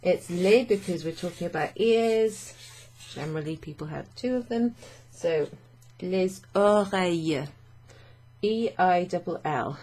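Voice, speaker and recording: A woman's voice: fairly low pitch, a little slow, mellow. A woman teaching French vocabulary to learners, chatty and thinking aloud with fillers and frequent little laughs.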